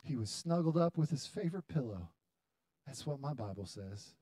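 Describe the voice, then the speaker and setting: A man in his thirties preaching a sermon to his church, building to loud, dramatic appeals with long pauses. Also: medium pitch, lively intonation, dry recording. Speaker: pastor. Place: church hall.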